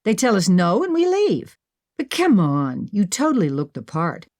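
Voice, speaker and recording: A woman's voice: medium pitch, wildly swooping pitch, moderate pace, darkish tone, no echo, studio quality, voice pushed up. A woman narrator voicing a bold, pushy young woman who talks insistently. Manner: insistent, bossy.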